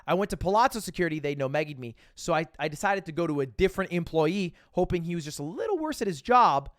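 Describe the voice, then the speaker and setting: Animated young man telling a story. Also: a little high, quick pace, dry recording, studio quality. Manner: animated, profane, acts out quotes. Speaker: livestreamer. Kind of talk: casual storytelling.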